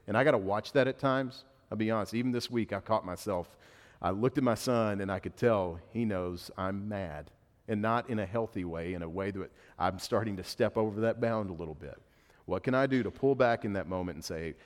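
A man's voice: on the low side, moderate pace. A man in his thirties preaching a sermon to a congregation in a casual, conversational way, often acting out what people might say. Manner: conversational preaching, quotes imagined speech. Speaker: pastor. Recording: long hall reverb.

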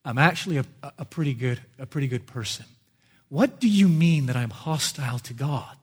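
A man's voice: mid-range voice, lively intonation, slightly rough. A man preaching a sermon, voicing a self-satisfied churchgoer who defensively insists he is a good person. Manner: defensive, dropping to a quick confiding murmur.

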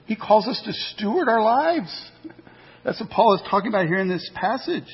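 Husky preacher man in a reverberant hall. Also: high-pitched, moderate pace. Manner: animated preaching with rhetorical questions and acted asides. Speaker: pastor. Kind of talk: sermon. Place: church sanctuary. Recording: muffled church hall recording with long reverb.

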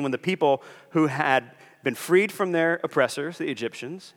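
Lively preaching man in a reverberant hall. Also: on the high side. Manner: earnest preaching, acts out quoted voices. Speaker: pastor. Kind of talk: sermon.

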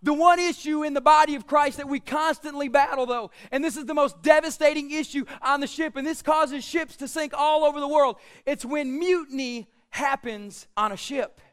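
High-voiced pastor preaching with bursts of emphasis. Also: male voice. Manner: preaching with rising emphasis, quoting scripture, playful asides. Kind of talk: sermon.

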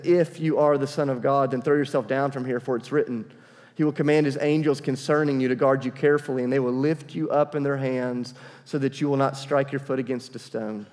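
A man's voice: mid-range voice, darkish tone. Man preaching in a reverberant hall. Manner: emphatic, asks the congregation to respond. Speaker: pastor. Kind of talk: sermon.

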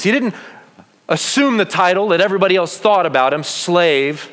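A man's voice: high-pitched, moderate pace. Man preaching in an echoing hall. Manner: animated, asks many rhetorical questions. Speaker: pastor. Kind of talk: sermon. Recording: long reverb of a large hall.

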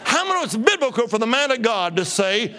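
A middle-aged man preaching, telling stories with humor and call-and-response, swinging between loud bursts and hushed asides. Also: very high voice, sing-song, brisk, some chatter behind. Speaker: traveling preacher. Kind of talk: humorous storytelling sermon.

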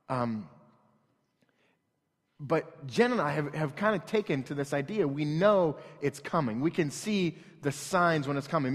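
Earnest pastor preaching in a reverberant hall. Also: male voice, a little high. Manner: earnest, conversational storytelling. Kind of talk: sermon.

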